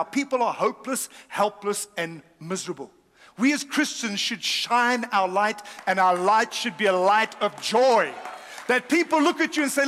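A man's voice: extremely high pitch, long reverb tail. A middle-aged man preaching a humorous sermon, telling stories with laughs and asides. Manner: lively storytelling with laughs and asides. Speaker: pastor.

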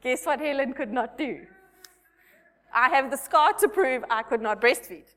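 A woman's voice: sits high, normal speed, fairly bright tone. A woman in her thirties, a Sunday school teacher, giving a chatty, self-mocking church talk full of personal stories. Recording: long hall reverb.

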